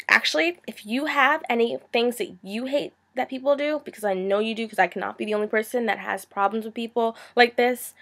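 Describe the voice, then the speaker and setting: A teenage girl vents in a casual vlog with a bright, high-pitched voice. Her tone is sarcastic and exasperated, and she drops into quick mocking impressions of other people. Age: teens. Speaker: vlogger. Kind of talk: ranting vlog monologue.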